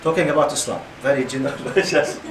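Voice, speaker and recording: A man's voice: medium pitch, fast talker, very noisy. Man in his 50s, lecturer; engaging, quizzes the audience; recorded from a distance in a reverberant hall. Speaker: Islamic lecturer. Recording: roomy hall, mic at a distance.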